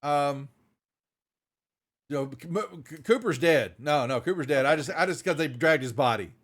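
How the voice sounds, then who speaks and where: A man's voice: on the high side, animated, moderate pace, fairly bright tone. A man running a tabletop game on a live stream, rambling and restarting as he talks. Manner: rambling, restarts often, greets viewers. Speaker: game master.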